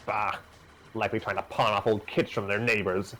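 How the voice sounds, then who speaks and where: A man's voice: lowish voice, little pitch movement, normal speed, fairly bright tone, faint music behind, lightly acted. A man voicing a scheming, snobbish aristocrat who scoffs dismissively. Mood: scornful.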